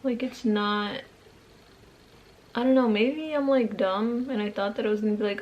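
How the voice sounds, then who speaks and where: Lo-fi sound captures a young woman with a medium-pitched, darkish voice, fairly even intonation, and normal speed. Doing her makeup at a mirror at home, the beauty vlogger chats through a get-ready-with-me video, meandering with lots of slang and fillers.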